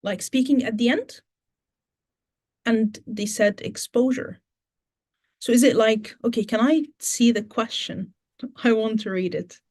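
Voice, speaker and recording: A woman speaking with a British English accent, her voice pitched a little high. She answers questions at an online teaching conference and works through each point step by step, often pausing and restarting. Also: darkish tone. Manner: explains in steps with many fillers and restarts. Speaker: teacher trainer.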